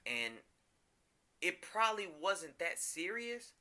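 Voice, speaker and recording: A man with a very bright, forward voice talks openly on a podcast. He rambles candidly through personal stories, restarting sentences and leaning on fillers. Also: a little high, expressive, moderate pace. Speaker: podcast co-host. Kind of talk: casual podcast chat.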